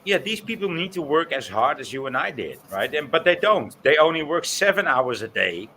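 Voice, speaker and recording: A man in casual chat, talking in a lively way, laughing often and swearing freely. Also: a little high, normal speed, slight background noise.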